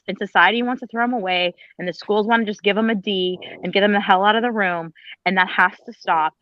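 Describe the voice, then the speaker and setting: A woman's voice: medium pitch, no echo, highs cut off. A woman, a former teacher, speaking on a panel in an emphatic, pleading, blunt way with some mild swearing. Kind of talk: impassioned panel talk.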